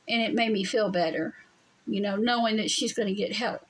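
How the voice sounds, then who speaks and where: Her medium-pitched voice holds a steady tone and moves a little fast, though the recording quality is low. The woman, a vlogger at home in a storm, tells a story in a blunt, emphatic style full of swearing.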